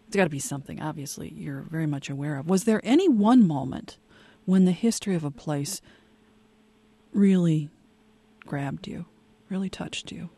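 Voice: mid-range voice, moderate pace, warm tone, slightly rough, dry recording. A radio interview host asking a guest curious, conversational questions.

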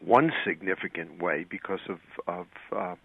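A man's voice: deep voice, normal speed, vocal fry, breathy edge, phone-quality sound. An older man, a wry self-styled curmudgeon, telling show-business stories as a guest on a radio interview.

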